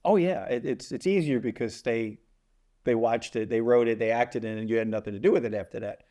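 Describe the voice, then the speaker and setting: A man's voice: mid-range voice, a little fast, warm tone. A man hosting a community theater talk show, chatting in a loose, rambling way and making self-mocking jokes. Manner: rambling, joking, restarts often. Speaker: community theater podcast host and epilogue writer.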